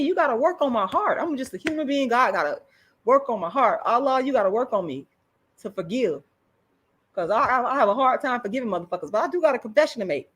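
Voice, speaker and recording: A fired-up middle-aged woman talking straight into a phone or webcam on a live stream. Her voice sits a little high and swings widely as she rants, blunt, profane and repeating herself when she gets heated. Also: lively intonation, fast, a bit bright, slightly rough. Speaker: online commentator. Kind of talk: livestream rant.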